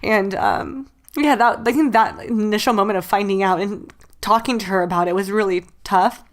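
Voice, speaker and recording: A woman in her late twenties, co-hosting a podcast, cries as she tells a personal story in casual, loose talk packed with fillers. Her voice is medium in pitch and moves at normal speed.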